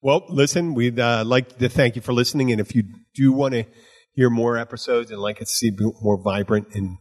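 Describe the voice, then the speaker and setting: Husky man telling rambling stories. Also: medium pitch, fairly quick, long reverb tail. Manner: rambling storyteller, profane, acts out both sides of conversations. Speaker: podcast host. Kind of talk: casual rambling chat.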